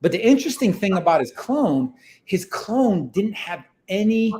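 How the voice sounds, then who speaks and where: A man's voice: high voice, very animated, moderate pace, darkish tone, roomy sound. A man telling a story in a casual, rambling way, full of fillers, as a podcast guest. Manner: rambling, many fillers like "like" and "you know".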